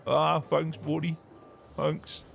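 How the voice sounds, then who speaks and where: A young man with a gravelly edge speaks heartily in a game roleplay. He stresses his words and swears casually, with faint music underneath. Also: on the high side, monotone, slow, a bit bright. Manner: hearty, emphatic, swears often. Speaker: roleplay player. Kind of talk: casual in-character roleplay chat.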